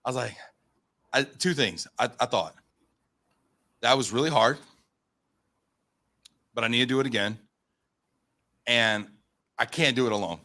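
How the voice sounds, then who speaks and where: Guesting on a podcast, a company founder in his thirties from the US recounts a lengthy personal story in an unhurried way, pausing often. He speaks casually at a typical male pitch, with many fillers and restarts, and performs his past quotes with animation.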